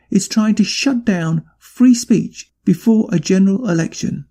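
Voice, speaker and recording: A man's voice: sits high, measured pace, hardly any pauses, warm tone. A man hosting a podcast, delivering an indignant, emphatic political rant. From not from Canada. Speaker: podcast host. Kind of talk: angry political commentary.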